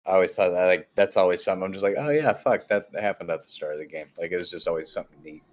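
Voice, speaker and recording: A man's voice: deep voice, rapid-fire, no room sound. A man co-hosting a casual gaming podcast, rambling and laid-back with plenty of swearing. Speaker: podcast co-host.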